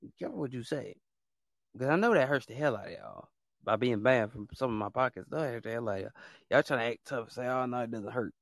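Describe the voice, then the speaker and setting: On his own podcast, a fed-up host rants bluntly in a monologue, repeating himself and using casual slang. He talks fast in an expressive, mid-range, slightly bright voice with vocal fry, captured in studio quality with no room sound.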